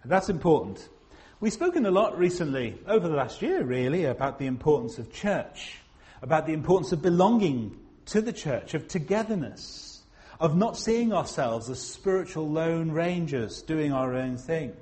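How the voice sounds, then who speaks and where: A man preaching a sermon in a slow, emphatic way, pausing for weight on single words. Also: a little high, big pitch swings, a little mellow. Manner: slow, emphatic, with dramatic pauses.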